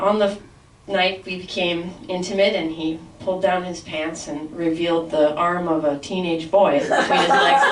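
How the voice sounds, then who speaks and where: A woman comedian rehearsing a stand-up set in a class, talking haltingly with many fillers and restarts, and laughing at her own jokes. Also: fairly low pitch, heavy background noise. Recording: echoey room, voice from a distance.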